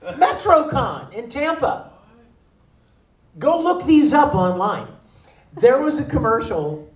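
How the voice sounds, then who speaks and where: A male convention guest telling stories on a panel, laughing often and acting out the other voices. His voice is high and swoops widely. He is heard from far off in a roomy, echoing hall. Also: slow pace. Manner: lively, laughing, acts out voices. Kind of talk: animated storytelling. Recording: echoey room from far off.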